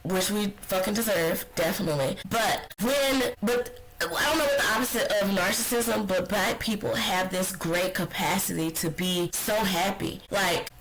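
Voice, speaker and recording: A podcast host talking alone in a rambling, blunt and profane way, getting heated and often trailing off to think out loud. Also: medium pitch, normal speed, a little hiss or hum, rough recording. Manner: heated, ranting. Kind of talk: casual solo podcast monologue.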